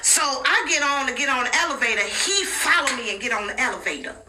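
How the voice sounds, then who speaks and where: A woman hosting a podcast, telling a personal relationship story in animated, slangy casual talk, recorded off-mic with a roomy echo. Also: high voice, fast, far from the mic, background noise. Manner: animated, slangy, dramatic retelling. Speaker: podcast host.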